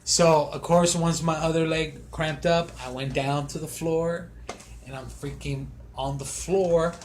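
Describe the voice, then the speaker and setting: A man with a slightly high voice tells a story in a casual podcast chat. He acts out what went through his head and keeps the telling animated. There is faint noise in the background. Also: unhurried. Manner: animated storytelling, acting out his own thoughts. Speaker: podcast co-host.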